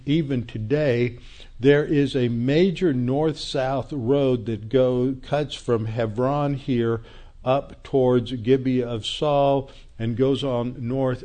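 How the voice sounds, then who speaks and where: A man's voice: mid-range voice, mellow. A man teaching a Bible study lecture, walking through a chapter and a map, thinking aloud with fillers and restarts and asking and answering his own questions.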